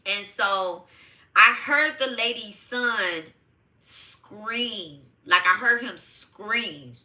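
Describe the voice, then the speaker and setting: A woman's voice: mid-range voice, lively intonation, drawn-out words, pushed and bright. A middle-aged woman from Detroit telling a personal story to her live audience in a casual, emphatic and profane way, calling them y'all. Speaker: host of a live tarot show.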